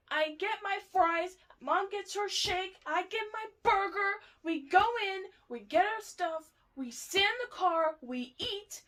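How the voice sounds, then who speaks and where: A woman's voice: very high voice, fairly bright tone. A young woman ranting heatedly in a casual monologue, swearing and exasperated while reacting to a podcast.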